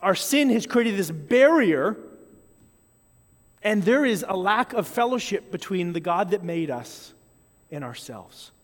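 A high-pitched male pastor delivers an earnest, measured sermon. He slips into sample apologies and prayers to show his point. A long hall reverb trails behind his voice. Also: sing-song.

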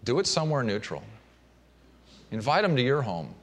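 A man preaching a sermon, shifting between emphatic and hushed delivery. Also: mid-range voice, very animated, normal speed. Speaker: pastor.

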